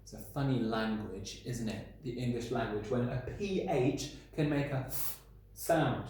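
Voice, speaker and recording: Playful teacher in a very echoey room. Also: male voice, medium pitch, darkish tone, slight background noise. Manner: playful, sounds out letters slowly and stretches key words. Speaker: primary school teacher. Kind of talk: recorded home-learning lesson.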